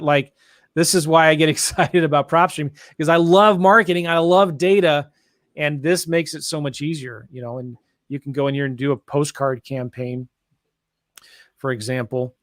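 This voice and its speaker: A man hosting a live online tutorial, talking excitedly and addressing viewers directly as guys. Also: mid-range voice, dry recording, clean studio sound. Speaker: show host. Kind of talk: enthusiastic live tutorial chat.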